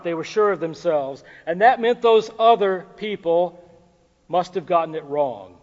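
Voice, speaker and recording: A man preaching a sermon as pastor, talking casually and jokingly with filler pauses. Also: on the high side. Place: church sanctuary. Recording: dull recording with long hall reverb.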